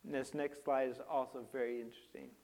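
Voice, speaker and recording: A man preaching a sermon with slides, moving from quiet reflection to loud, emphatic passages. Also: mid-range voice, flat delivery, fast, vocal fry. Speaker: pastor.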